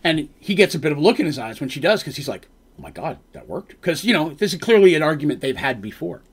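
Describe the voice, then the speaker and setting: Guy game master rambling thru a story recap on stream, voice a bit high. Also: big pitch swings, quick pace, breathy edge. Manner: rambling, retells scenes with quoted lines.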